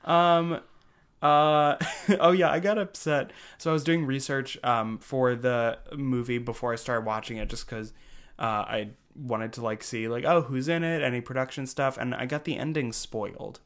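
A woman's voice: extremely low pitch, normal speed. A young woman co-hosting a casual podcast, loose and rambling, swearing offhandedly. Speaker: podcast co-host. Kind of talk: casual chat.

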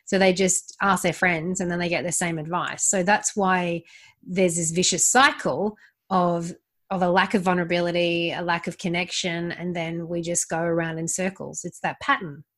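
A woman's voice: on the low side, fairly even intonation, normal speed, fairly bright tone. Aussie woman guest on a chatty podcast, earnest, giving advice. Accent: Australian. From Australia. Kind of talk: casual interview chat.

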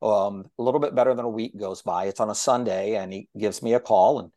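A talkative man with a somewhat low voice spins stories from his broadcasting life. He acts out the dialogue as he goes. The sound is dry and close, with no room behind it. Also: fairly quick, dry recording. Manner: lively storyteller who acts out quoted dialogue; talkative, self-described yapper. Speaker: guest, longtime broadcaster. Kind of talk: casual storytelling conversation.

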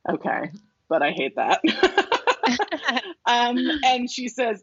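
Husky woman retelling a show scene, acts out the lines softly, dull dry sound. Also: a little high, big pitch swings, takes it slowly, pauses often, no echo. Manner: acts out quoted lines, softens into a hush. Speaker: podcast co-host. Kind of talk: casual chat retelling a TV scene.

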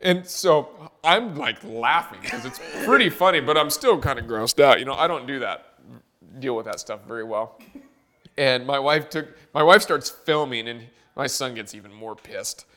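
A man in his thirties tells a family story with lively energy and keeps breaking into laughter. His voice sits in the middle of the male range, neither deep nor high, and his delivery stays relaxed and chatty like talk among friends. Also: normal speed. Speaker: podcast guest, golf caddie. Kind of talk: casual storytelling.

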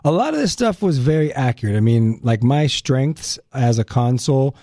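A young man co-hosting a casual chat with his partner, animated and teasing. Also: medium pitch, normal speed, no echo, clean studio sound. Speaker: podcast co-host.

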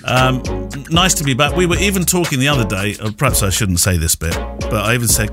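A man's voice: mid-range voice, lively intonation, brisk, hardly any pauses, over music. A man hosting a podcast, chatty and rambling, with lots of laughs and restarts. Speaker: podcast host. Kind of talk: casual chat.

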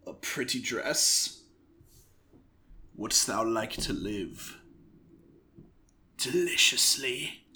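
A man voicing a sinister male devil goat with a slow, low, tempting delivery. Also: expressive, sharp tone, heavily acted.

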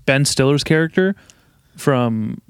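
Relaxed male podcast co-host, filler-heavy casual speech, dry close recording. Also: medium pitch, slow pace, smooth, dry recording. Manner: laid-back, lots of likes and swearing.

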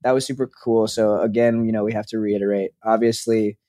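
A man's voice: on the low side, fairly even intonation, a little fast, mellow, no room sound, studio quality. A young adult man co-hosting a podcast in casual chat, rambling and playful with frequent restarts. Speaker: podcast co-host.

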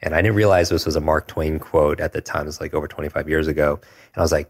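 A man in his forties recounts his past as an interview guest, earnest and reflective. His voice sits extremely low, and his pitch moves very little. He often pauses on asides like "if you will". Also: little pitch movement. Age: 40s. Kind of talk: personal storytelling in an interview.

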